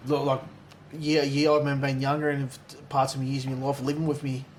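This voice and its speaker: A man's voice: medium pitch, monotone, fast talker, a little hiss or hum. An Australian man co-hosting a podcast in casual chat, blokey, swearing heavily and laughing along. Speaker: podcast co-host.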